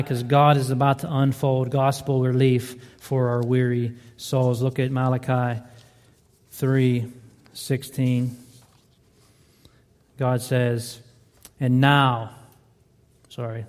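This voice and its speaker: A male pastor delivering a sermon, building emphasis with repeated rhetorical questions. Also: medium pitch. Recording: reverberant hall.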